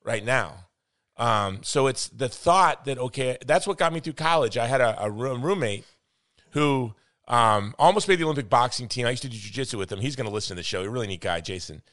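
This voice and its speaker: Male podcast host, mid pitch, earnest, chatty, motivational. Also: animated, a little fast, a bit bright. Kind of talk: casual conversation.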